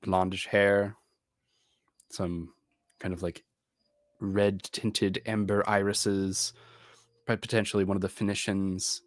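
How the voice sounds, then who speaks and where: A man narrating as game master in a relaxed, meandering way, with many ums. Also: on the low side, takes it slowly, long pauses, no echo, studio quality.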